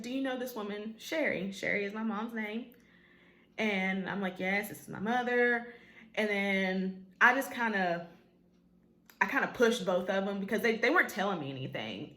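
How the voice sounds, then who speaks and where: A woman's voice: medium pitch, fairly bright tone, roomy sound. A woman telling a personal story in a vlog, emotional, with many fillers, often quoting what others said. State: tearful at times. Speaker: vlogger.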